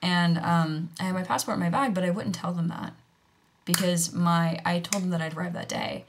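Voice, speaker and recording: A woman's voice: on the low side, steady tone, moderate pace, background noise. An American woman telling a story in a chatty, casual way, full of fillers and with whispered asides. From United States. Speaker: vlogger.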